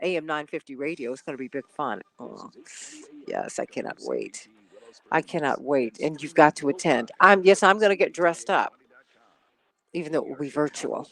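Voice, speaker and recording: A woman's voice: deep voice, a little fast, fairly bright tone. A woman hosting a radio talk show, chatting casually and greeting listeners by name before the show. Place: radio studio.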